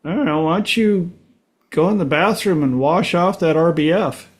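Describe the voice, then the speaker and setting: A man hosting a casual group talk show, telling anecdotes in a lively way and acting out the voices of people in his stories. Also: fairly high pitch, moderate pace. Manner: animated storyteller, acts out voices in anecdotes. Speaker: host.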